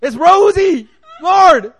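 A man voicing a lovestruck young man who excitedly pleads with God, half laughing as he talks. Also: extremely high pitch, normal speed, vocal fry, dry recording, voice pushed up, heavily acted. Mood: giddy pleading.

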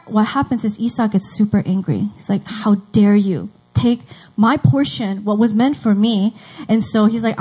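A woman's voice: on the high side, warm tone, rough recording. Chatty woman retelling a Bible story. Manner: chatty, acts out characters' lines. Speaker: Bible teacher. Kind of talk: casual Bible story lesson.

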